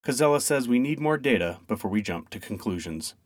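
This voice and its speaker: Male reporter, animated intonation, dry close studio sound. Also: mid-range voice, a little fast, dry recording. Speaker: local radio reporter. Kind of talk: scripted news report.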